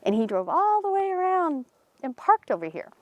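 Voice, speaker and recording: This paranormal team member stands outdoors among the graves, telling a local tale in a relaxed, lively way and pitching her voice up whenever she quotes someone. Her pace is moderate, with no echo and rather dull audio.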